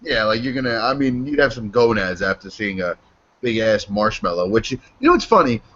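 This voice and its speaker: A man hosting a casual podcast chat. His voice is slightly husky and his talk is loose and joking, full of swearing. The recording sounds a bit dull. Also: on the low side, sing-song, fairly quick, fairly bright tone. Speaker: podcast host.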